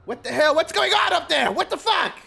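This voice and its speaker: Angry man in a queue, put on by a man, shrill, yelling about line cutters. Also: expressive, brisk, gravelly, full character voice. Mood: outraged. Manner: yelling, outraged. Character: angry man waiting in a club line, shouting complaints.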